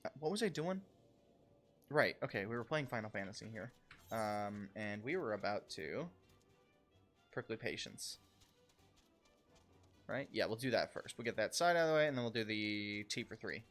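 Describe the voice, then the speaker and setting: A man streaming a video game, chatting casually in a rambling, excitable way with laughter and swearing. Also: fairly low pitch, moderate pace, long pauses, soft background music. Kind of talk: casual livestream gaming commentary.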